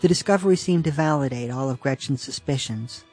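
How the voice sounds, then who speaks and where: A man's voice: medium pitch, brisk, darkish tone, husky, faint music behind. A man reading his own humorous personal essay aloud with a dry, understated delivery.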